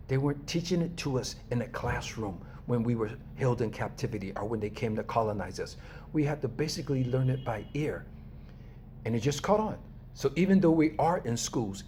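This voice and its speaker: An American man from Los Angeles speaking in a casual, animated monologue to his viewers, emphatic and chuckling often. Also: mid-range voice, slight background noise. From Los Angeles, USA. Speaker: vlogger.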